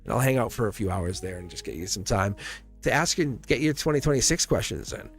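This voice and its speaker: A man's voice: on the low side, expressive, brisk, husky, faint music behind. A man hosting a live tarot stream in a casual, rambling way, chuckling often and joking with his viewers.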